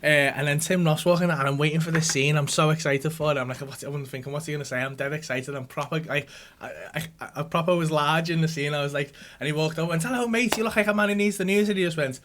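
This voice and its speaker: A man's voice: on the high side, quick pace, few pauses. A man hosting a podcast, telling a sweary story and acting out the other people's lines. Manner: animated, sweary anecdote-telling, acts out quotes. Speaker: comedian and podcast host. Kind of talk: casual storytelling with a studio audience. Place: podcast studio with live audience.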